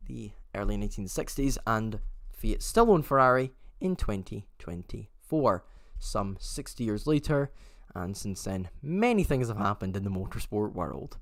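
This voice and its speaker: A man's voice: on the low side, very animated, normal speed, hardly any pauses, no echo, studio quality. A man hosting a race watchalong, giving live chatty commentary and often correcting himself mid-sentence.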